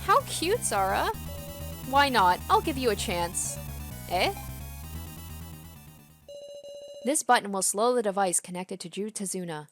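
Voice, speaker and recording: A woman's voice: medium pitch, big pitch swings, normal speed, fairly bright tone, faint music behind. A gleeful, sadistic young captor who taunts his victims with a sing-song giggle, as a woman puts him on. The voice sits in a middling register. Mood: taunting.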